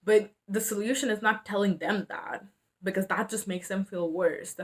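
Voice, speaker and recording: A woman's voice: medium pitch, moderate pace. A young adult woman talking to camera about hard personal topics, earnest and hesitant, with many fillers and restarts. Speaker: mental health vlogger. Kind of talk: casual emotional talk to camera.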